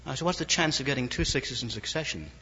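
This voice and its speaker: A man's voice: mid-range voice, expressive, fast talker, pushed and bright, husky. A man preaching a sermon, telling anecdotes and acting out the dialogue of the people in them, in an old recording. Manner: storytelling, quoting others in dialogue. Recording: lo-fi old recording in a reverberant hall.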